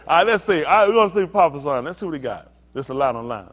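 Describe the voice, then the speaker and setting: A man delivering a teaching sermon with a lively, sing-song delivery that rises and falls constantly. His voice sits slightly high, and he keeps drawing listeners in with questions in relaxed, everyday speech. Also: quick pace, few pauses. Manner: animated, calls out to listeners, laughs and shouts at times; casual vernacular, asks "y'all understand?". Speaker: pastor.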